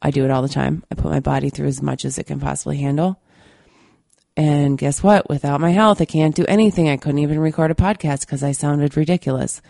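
A woman with a low voice hosts a podcast, speaking candidly and earnestly to her listeners. She still sounds a little stuffy from a recent cold. The recording is dry and close. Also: fairly even intonation, fairly quick, gravelly, mellow, dry recording. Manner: candid and earnest, with many fillers. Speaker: podcast host. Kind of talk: casual monologue to listeners.

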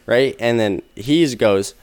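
A man in casual podcast chat, telling funny stories with lively, high-pitched quoted voices. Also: takes it slowly, clear, resonant tone. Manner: animated storyteller, jumps into high comic voices when quoting. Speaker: podcast co-host.

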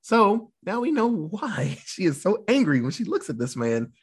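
A man retelling a Western movie in casual chat, quickly acting out the characters' lines and laughing often. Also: high-pitched, sing-song, husky.

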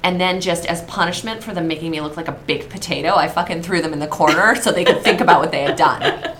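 A woman's voice: lowish voice, fast, fairly bright tone, slight background noise. Candid joking woman podcast co-host. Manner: candid, profane, self-mocking storytelling. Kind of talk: casual chat.

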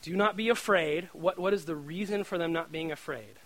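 A man preaching a sermon in a chatty, animated way, with lots of fillers and acted-out voices. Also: a little high, a little fast.

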